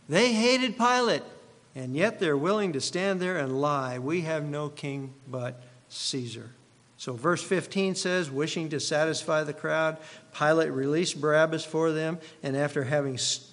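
A man's voice: fairly high pitch, unhurried, big-room sound. A male pastor preaching an expository sermon, driving points home by repeating key phrases.

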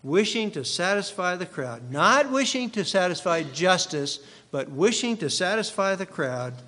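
Male pastor, emphatic sermon delivery with repeated phrases, slightly high voice, long hall reverb. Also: a bit bright. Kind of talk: expository sermon.

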